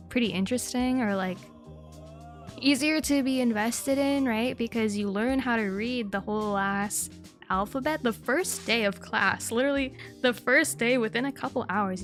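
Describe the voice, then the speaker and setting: A young woman hosting a VTuber stream, chatting casually and reading chat, giggling often and swearing freely. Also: on the high side. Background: faint background music.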